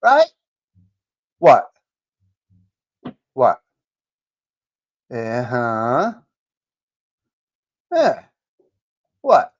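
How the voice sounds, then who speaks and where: A man's voice: mid-range voice, huge pitch swings, extremely slow, pauses often, muffled recording. A man with a New York accent hosting a live talk show, rambling and repeating himself with some swearing. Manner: rambling and repetitive, profane. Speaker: host.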